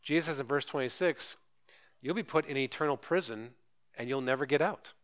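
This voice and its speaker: A man's voice: mid-range voice, a little fast, a bit bright. A man pastor preaching a sermon, earnest and urgent, pressing listeners with rhetorical questions.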